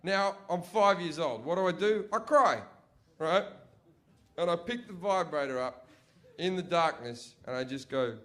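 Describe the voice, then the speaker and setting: Young man, stand-up storyteller, profane, high voice, lively. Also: a little slow. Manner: profane, animated, acts out family members' voices. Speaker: stand-up comedian. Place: comedy stage before a live audience.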